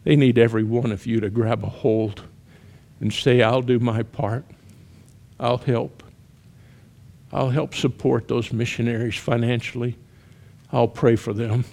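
A man preaching a sermon, telling a story with shouted cries and then dropping to hushed, earnest appeals. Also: medium pitch, fairly even intonation, a little slow, gravelly, pauses often.

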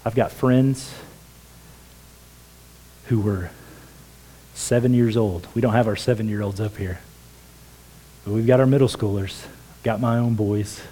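Earnest pastor with a mellow voice. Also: male voice, on the low side, a little slow, long pauses, rough recording. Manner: earnest, drops to a hush for quoted words. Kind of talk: sermon. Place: church sanctuary.

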